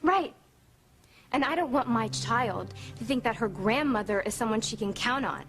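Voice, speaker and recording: A woman's voice: a little high, expressive, moderate pace, fairly bright tone, soft background music. An actress playing a bitter young mother in a soap opera, defiant and cutting. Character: bitter young mother shielding her baby. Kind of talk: daytime soap opera acting.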